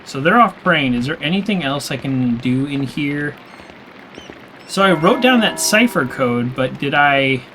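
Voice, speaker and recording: A man streams a story game in a chatty, self-mocking ramble and trips over the harder words. His voice sits a bit high for a man and sounds slightly strained. Steady background noise runs under the recording. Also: a little slow. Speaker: let's play streamer. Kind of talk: casual gameplay commentary.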